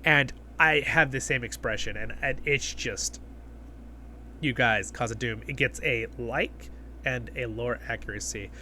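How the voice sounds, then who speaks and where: A man hosting a casual episode review, excitable and geeky, retelling scenes with lots of asides. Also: mid-range voice, measured pace, slight background noise. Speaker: host of a review channel.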